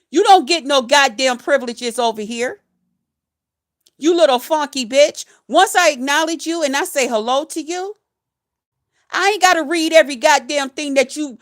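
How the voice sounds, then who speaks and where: A woman with a high voice delivers an angry, profane rant straight to her viewers. She talks in a heated, emphatic way, piling on curses and insults. She works as a nurse and vlogs on the side. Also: fairly bright tone. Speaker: nurse and vlogger.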